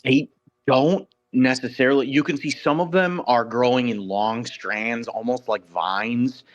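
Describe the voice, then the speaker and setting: A man narrating a tabletop game as game master, describing the scene in a measured, descriptive way. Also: mid-range voice, highs cut off.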